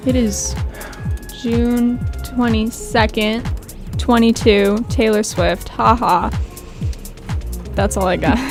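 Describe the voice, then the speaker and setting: Brief: woman radio co-host, higher pitch, upbeat, laughs a lot, studio with music underneath. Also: steady tone, takes it slowly, long pauses. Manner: upbeat, giggly. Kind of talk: casual chat.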